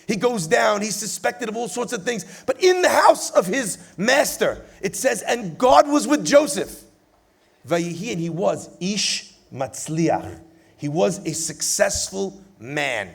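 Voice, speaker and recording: A man giving a rabbi's address to a conference audience from a lit stage, an animated and playful preacher who swings from loud to soft. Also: high-pitched, gravelly. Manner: playful storyteller with jokes.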